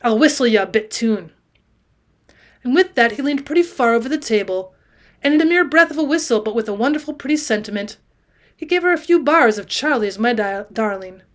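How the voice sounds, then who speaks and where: A woman's voice: on the high side, expressive, fast. A woman reading a classic novel aloud for students, raising her voice for the dialogue. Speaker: audiobook reader and teacher.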